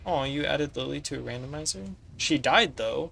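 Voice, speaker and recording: Gravelly-voiced man streaming a strategy game. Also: a little high, moderate pace, sharp tone, a little hiss or hum. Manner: analytical, talks through tactics while playing; chats with viewers between moves. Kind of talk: casual gameplay commentary.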